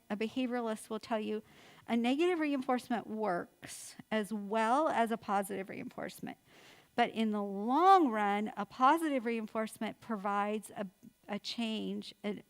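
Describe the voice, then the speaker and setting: An older woman therapist giving an informal, chatty talk to mothers, encouraging and acting out everyday quotes. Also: on the high side.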